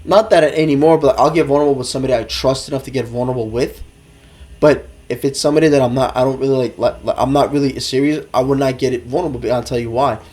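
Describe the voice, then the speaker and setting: A man telling a story in casual podcast chat, animated, swearing a lot and leaning on "like". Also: medium pitch, quick pace. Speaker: podcast co-host.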